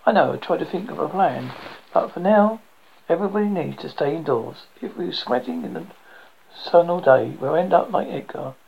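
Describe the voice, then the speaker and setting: A reader doing a weary, steady man in charge. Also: mid-range voice, normal speed, vocal fry, highs cut off, slight background noise. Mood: firm. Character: weary, steady man leading desert survivors.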